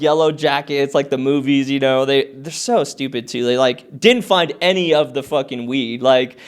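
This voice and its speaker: A man in his thirties telling his story as a podcast guest, animated, swearing a lot and filling his talk with "like". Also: on the high side, clean tone. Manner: many fillers like "like" and "uh". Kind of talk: casual storytelling interview.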